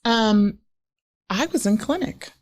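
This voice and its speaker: A woman's voice: fairly high pitch, slow pace. A woman, a midwife, chatting casually as a podcast guest and often laughing as she tells stories. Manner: lively, laughs through stories.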